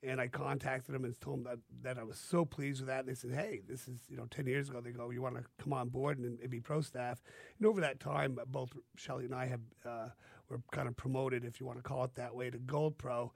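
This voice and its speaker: A man's voice: mid-range voice, little pitch movement, a little fast, vocal fry, no echo. A man guesting on a radio show, talking about his small business in a friendly, rambling way. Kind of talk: casual radio interview. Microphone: studio microphone.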